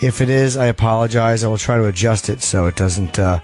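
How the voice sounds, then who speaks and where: A man's voice: lowish voice, a little fast, darkish tone, soft background music. A man hosting a call-in radio show, chatting loosely with callers and reading ad copy in between. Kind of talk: casual call-in talk show. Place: studio.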